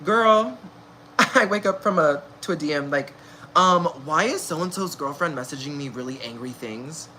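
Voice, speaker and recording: Young woman spilling tea, bright voice, pitch jumping all over, bit of background hiss. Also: moderate pace. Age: young adult. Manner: gossipy, animated, slangy, laughing often. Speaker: vlogger. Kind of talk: casual storytime chat.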